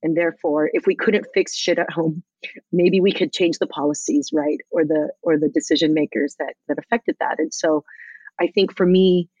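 A woman's voice: deep voice, steady tone, normal speed, darkish tone, no room sound, dull audio. A woman guest telling a story in a casual interview, acting out quotes and swearing casually. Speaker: guest, comedian and activist.

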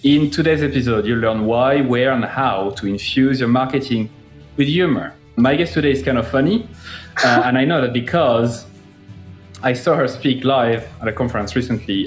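A man hosts a podcast and chats loosely with his guest. He jokes at his own expense and trails off into fillers. His pitch sits in a middle range, with faint music underneath. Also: moderate pace, roomy sound. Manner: playful, self-deprecating, trails off with fillers. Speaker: podcast host. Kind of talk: casual interview chat.

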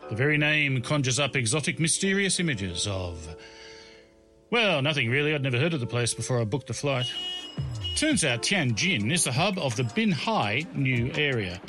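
A man telling his own comic travel story as scripted narration, in a wry, deadpan way. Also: mid-range voice, normal speed, soft background music.

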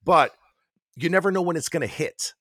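A man's voice: on the high side, normal speed, bright, forceful tone, no room sound, studio quality. A man co-hosting a casual podcast with his wife, talking bluntly with plenty of swearing and restarting his sentences as he goes. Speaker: podcast co-host. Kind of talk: casual chat between spouses.

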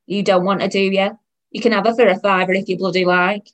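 A woman voicing a brash, boozy Welsh woman in her thirties who shouts at her child on a train. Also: medium pitch, level tone, brisk, close to an everyday voice. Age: 30s. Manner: shouting, coarse and mocking.

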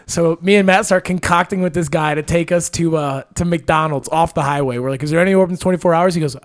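A man's voice: a little high, fast. A man co-hosting a podcast, telling a rowdy story in casual chat and acting out quotes with laughs. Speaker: podcast co-host.

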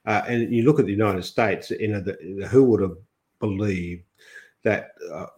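A man's voice: on the low side, normal speed, a little mellow. An older man from Australia, a guest in a political interview, talking in long rambling sentences full of restarts and quoted asides.

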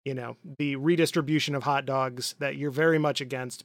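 A man co-hosting a podcast in casual chat, relaxed and hesitant with many fillers. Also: mid-range voice, a little fast, no room sound, clean studio sound. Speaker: podcast co-host.

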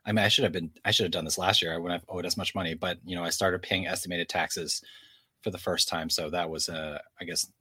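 A man with a very deep, husky voice co-hosting a podcast. He chats casually with dry, self-mocking humor. His voice comes across close and dry. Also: steady tone, a little fast, pushed and bright, no echo. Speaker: podcast co-host.

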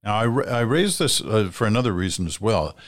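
A man with a very low voice hosts a radio feedback segment and works through listener letters. He talks in a measured, advising way, now and then pausing on fillers or restarting a phrase. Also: very animated. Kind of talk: conversational radio commentary.

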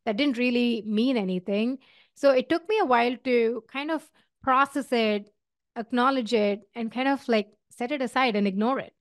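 A woman's voice: fairly high pitch, normal speed, no room sound, clean studio sound. A middle-aged woman with an Indian accent gives career advice in an earnest, conversational way, with fillers and restarts. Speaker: podcast host. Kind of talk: solo advice talk.

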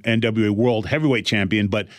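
Animated man telling road stories. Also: lowish voice, a little fast, no room sound. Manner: animated storyteller, switches into quoted voices. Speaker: podcast host. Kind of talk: casual storytelling chat.

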